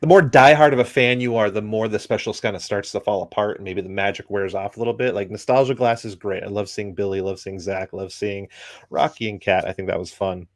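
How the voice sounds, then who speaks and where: Low-voiced man giving a rambling critique. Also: fairly even intonation, fairly quick, dry recording, clean studio sound. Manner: rambling, many ums and likes; opinionated critique. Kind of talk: casual chat.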